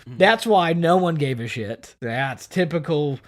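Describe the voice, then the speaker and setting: A man co-hosting a podcast, telling a story in casual chat and acting out the people in it. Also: unhurried. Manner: animated, acts out quoted people with big pitch jumps. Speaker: podcast co-host.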